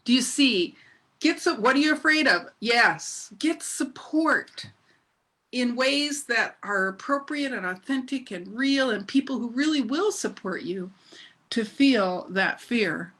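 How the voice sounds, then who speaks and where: A woman's voice: a little high, lively intonation, unhurried, fairly bright tone. A middle-aged woman minister giving a sermon, telling a story with laughter and asking her congregation questions.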